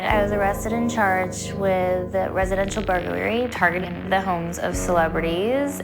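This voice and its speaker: A woman in her twenties speaking bluntly and frankly in an interview, with casual fillers. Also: medium pitch. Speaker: former reality TV star interviewee. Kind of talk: candid interview recollection. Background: music.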